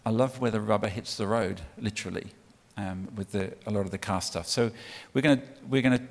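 A man's voice: on the low side, fairly quick, vocal fry. A middle-aged man from England speaking as a guest preacher to a church, chatty, with many ums and restarts. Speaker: guest speaker for a child sponsorship charity. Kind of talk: sermon talk to a church congregation. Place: church hall. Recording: long reverb of a large hall.

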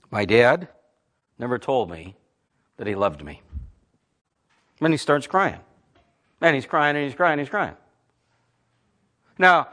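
A man in his fifties, a Christian talk host, telling stories and preaching in a blunt, emphatic, animated way. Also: on the high side. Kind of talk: conversational preaching with storytelling.

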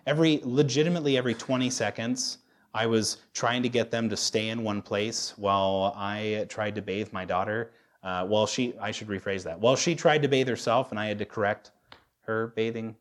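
A man in his thirties preaching a sermon as a pastor, candid and self-deprecating, often restarting his sentences. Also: on the low side. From United States.

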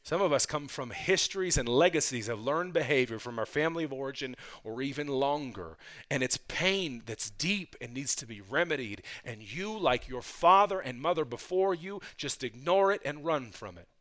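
A male pastor preaching a sermon in a conversational style, with casual asides to the congregation, swinging between hushed passages and loud, fervent ones. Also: mid-range voice, lively intonation, normal speed, few pauses.

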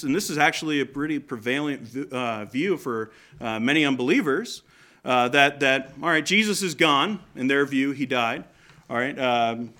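A man's voice: mid-range voice, bright, forceful tone. A man preaching a conversational sermon from Canada, often asking the congregation questions.

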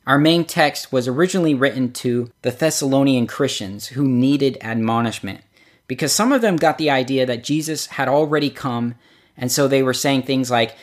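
A man's voice: medium pitch, normal speed. A man preaching a sermon, telling stories and acting out the quotes he gives. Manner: storytelling, acts out quotes with lively shifts. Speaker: pastor.

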